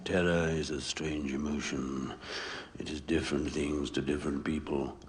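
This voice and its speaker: An actor playing a sepulchral horror-show host in a radio comedy sketch, measured and ominous. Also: male voice, extremely low pitch, flat delivery, heavy background noise.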